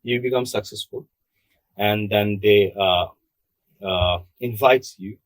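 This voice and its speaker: Low and slow, with no room sound, a young man from Bangladesh co-hosts a casual podcast discussion. He argues emphatically by raising rhetorical questions and answering them.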